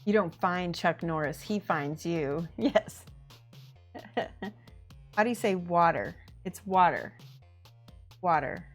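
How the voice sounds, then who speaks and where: Streaming herself painting miniatures, a Midwestern woman chats loosely, laughs a lot, reads out the chat and plays around with pronunciations. She speaks slowly and expressively in a lowish voice, leaving long pauses over faint background music.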